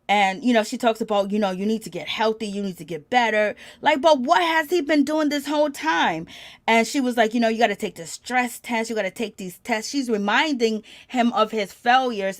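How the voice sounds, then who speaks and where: Woman w/ doing gossip commentary, kinda high voice, super animated, lots of reactions. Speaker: commentary channel host.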